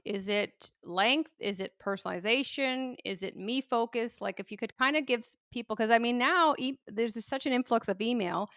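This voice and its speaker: A woman's voice: medium pitch, a bit bright, no echo, clean studio sound. A woman hosting a podcast interview who asks long, rambling questions and searches for her words as she goes. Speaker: podcast host.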